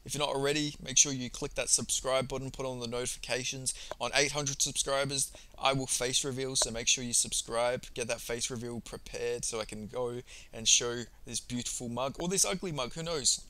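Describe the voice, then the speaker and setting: A man's voice: medium pitch, fairly even intonation, a little fast, few pauses, pushed and bright, low-quality recording. A man giving a casual, rambling fight recap for his channel, swearing freely and speaking offhand. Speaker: MMA YouTuber.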